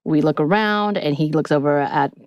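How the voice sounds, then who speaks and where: A woman co-hosting a podcast, casually recapping a TV episode in a chatty, animated way. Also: low voice, normal speed, no room sound. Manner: chatty, animated retelling with acted-out quotes. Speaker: podcast co-host.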